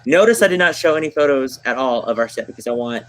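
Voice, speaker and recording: A man's voice: mid-range voice, animated, fast, fairly bright tone, rough recording. Gushing man hosting a chat. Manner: effusive, gushing, many fillers. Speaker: theater host. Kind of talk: casual livestream chat.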